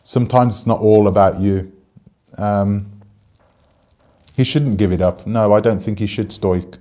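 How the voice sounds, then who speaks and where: A man's voice: lowish voice, fairly even intonation, a little slow, mellow. A man hosting his channel, chatting casually and rambling as he talks to viewers and reads out their comments. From Britain. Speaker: channel host.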